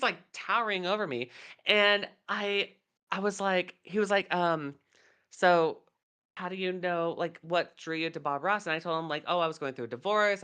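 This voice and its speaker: Woman in her thirties, podcast co-host, rambling anecdotes, bright smooth tone. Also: on the low side. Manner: rambling storyteller, many fillers. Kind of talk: casual chat.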